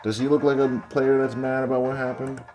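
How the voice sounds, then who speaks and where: A man's voice: medium pitch, flat delivery, a little fast, darkish tone, faint music behind. A young man giving casual video commentary over game footage, ranting in exasperation and calling his viewers guys and bro. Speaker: football commentary channel host.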